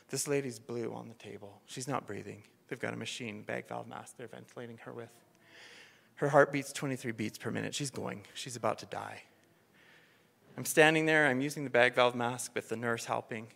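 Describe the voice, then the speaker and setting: Gravelly preacher in a reverberant church. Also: medium pitch. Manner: passionate storytelling, building to excited near-shouting. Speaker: pastor. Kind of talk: sermon. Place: church sanctuary, on stage. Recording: long reverb of a church hall.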